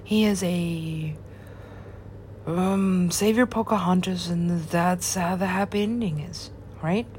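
Rambling woman, lowish voice, frequent laughter. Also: darkish tone, a little hiss or hum. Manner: rambling, laughs often, drops to whispers. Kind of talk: rambling monologue.

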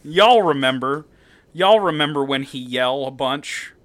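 A man's voice: mid-range voice, expressive, a little slow, a bit bright. A man co-hosting a casual movie-review podcast, sarcastic and swearing freely as he recaps scenes. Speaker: podcast co-host.

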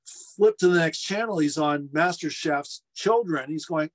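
Middle-aged man, lively anecdotal storyteller, restaurateur guest, fairly high pitch, video call. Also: measured pace. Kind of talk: casual storytelling interview. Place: home furnace room.

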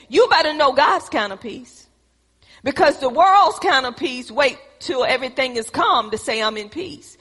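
Woman preacher, high and bright, emphatic repetitive delivery, long hall reverb. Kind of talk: sermon.

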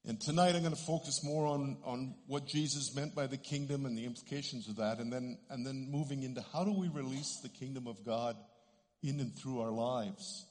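A man's voice: mid-range voice, fairly quick. Man in his sixties preaching in a reverberant hall. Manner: earnest storyteller, animated when telling of healings. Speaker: ministry director. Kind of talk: sermon with storytelling.

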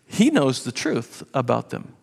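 A man's voice: mid-range voice, gravelly, darkish tone, breathy edge. A man preaching a sermon as pastor, emphatic and sarcastic, often restarting his words, in a church. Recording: reverberant hall.

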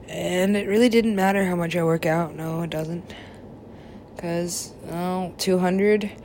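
A woman's voice: lowish voice, steady tone, unhurried, noisy background. A woman rambling in a drifting, profane monologue that often drops to a whisper.

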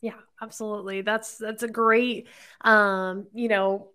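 A woman's voice: medium pitch, flat delivery, a little slow, pushed and bright, clean tone. A woman hosting a podcast interview in an upbeat way, asking leading questions. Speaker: podcast host. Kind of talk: casual interview talk.

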